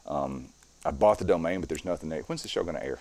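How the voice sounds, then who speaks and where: A man's voice: a bass voice, fast, a little mellow, no echo. A middle-aged strongman guest talking casually in an interview, explaining his methods step by step as he demonstrates.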